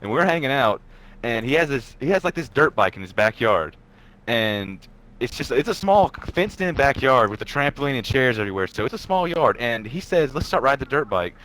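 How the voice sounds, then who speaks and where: A man's voice: medium pitch, very animated, a little fast, a bit bright, slight background noise, poor audio. A man telling a personal story in a rambling, casual way, swearing now and then. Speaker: guest storyteller.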